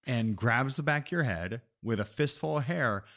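A man co-hosting a podcast, chatting in a relaxed, wry, teasing way. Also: medium pitch, normal speed. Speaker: podcast co-host. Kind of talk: candid casual chat.

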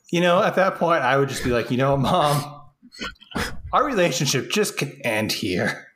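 A podcast co-host tosses dry jokes and mock outrage into a movie recap. The voice sits at a middle pitch but swoops widely, sometimes jumping high for a gag. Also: a bit bright. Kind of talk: casual movie recap chat.

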